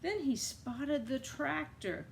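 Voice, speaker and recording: Woman reading aloud to kids, bouncy and animated, slightly high pitch. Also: slow pace, gravelly, slight background noise. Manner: animated, asides to children. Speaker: reader. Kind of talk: reading a picture book aloud.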